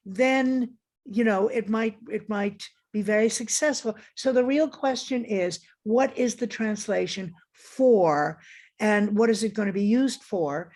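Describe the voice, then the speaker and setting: A woman's voice: medium pitch, a little mellow. A woman guest critic in a conversational academic discussion, frank and digressive, often correcting herself as she talks over a video call.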